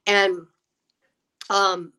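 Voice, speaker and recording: Bright-voiced woman telling a lively story. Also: mid-range voice, very slow, smooth. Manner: lively, acts out quoted voices, laughs often. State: getting over a cold. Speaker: guest, actress and UFO experiencer. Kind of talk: animated storytelling.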